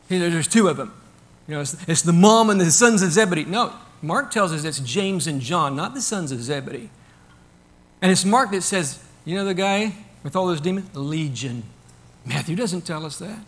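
A man preaching a sermon in a conversational, animated way, asking rhetorical questions and loudly acting out the crowd. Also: high voice. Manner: animated, acts out the crowd and shouts with sudden bursts. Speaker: pastor.

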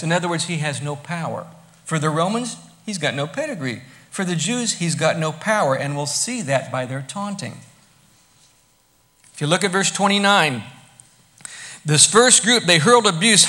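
A man preaching a sermon, emphatic, moving between quiet asides and loud bursts. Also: on the high side, expressive, normal speed. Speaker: pastor.

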